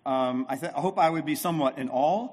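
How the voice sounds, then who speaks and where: A man preaching a sermon as pastor, emphatic and repetitive, swinging between loud and soft. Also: fairly high pitch, fast, big-room sound. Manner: emphatic, repeats phrases, shifts loud and soft.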